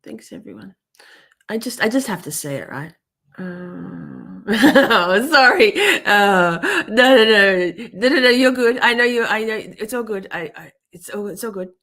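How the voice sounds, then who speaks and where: A woman's voice: mid-range voice, unhurried, vocal fry, a bit bright. A young adult woman talking on a livestream, rambling and interrupting herself, swearing often as she vents about something personal while thanking viewers in chat. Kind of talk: emotional personal livestream talk.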